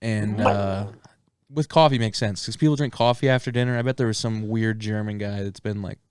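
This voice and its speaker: A man's voice: fairly low pitch, brisk, clear, resonant tone, dry recording, clean studio sound. Laughing young man on a podcast. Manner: laughing, animated storyteller. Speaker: podcast co-host. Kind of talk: casual chat.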